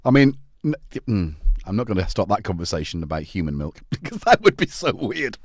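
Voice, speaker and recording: A man chatting on his own live stream, loose and jokey, forever wandering off on tangents. His pitch swoops up and down a great deal as he talks. The sound is dry and close, with no room echo at all. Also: very animated, brisk, husky. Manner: rambling, jokey, full of tangents and asides to his cats. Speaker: livestream host. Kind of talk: casual live-stream chat.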